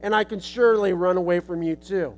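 A man's voice: high voice, a little fast, soft background music, natural voice. A man voicing a cocky little gingerbread boy who boasts and taunts. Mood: taunting.

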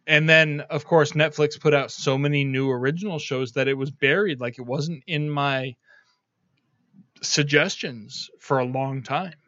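A man's voice: on the high side, fairly even intonation, a little slow, a bit bright, dry recording, muffled recording. A man hosting a podcast in loose, rambling talk, cursing freely and padding his speech with fillers. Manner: rambling, profane, lots of fillers. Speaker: podcast host. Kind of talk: casual podcast chat.

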